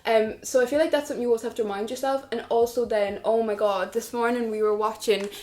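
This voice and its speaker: Chatty young Irish woman, higher voice. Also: steady tone, fast, a little mellow. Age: young adult. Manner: chatty, giggly, lots of fillers. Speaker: vlogger. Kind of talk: casual chat while doing makeup. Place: indoors, getting ready.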